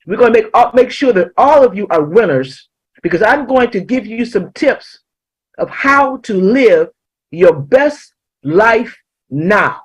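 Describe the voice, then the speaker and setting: A woman giving a motivational talk as a life coach, emphatic, repeating key lines slowly. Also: medium pitch, lively intonation, breathy edge, poor audio.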